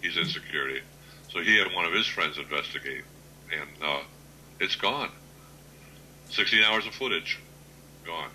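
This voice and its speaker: A man in his sixties, a guest author, telling plainspoken stories at an unhurried pace in a casual interview. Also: sits low, animated, bright, forceful tone, a little hiss or hum, low-quality recording. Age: 60s.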